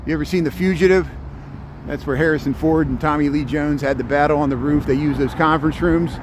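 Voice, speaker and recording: A man with a Chicago accent rambles cheerfully as he walks outdoors, pointing out sights and greeting viewers by name. His voice sits a little high, recorded on a handheld phone. Street traffic is clearly heard behind him. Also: steady tone, quick pace. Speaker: live-streaming walking tour host. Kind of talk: casual live-stream walking commentary. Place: outdoors on a busy city street.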